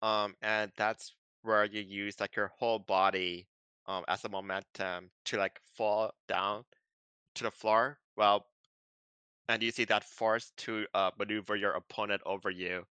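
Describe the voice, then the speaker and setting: Bright, crisp man chatting casually. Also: lowish voice, measured pace, no room sound. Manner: relaxed, explains judo throws with many ums and likes. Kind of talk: casual chat.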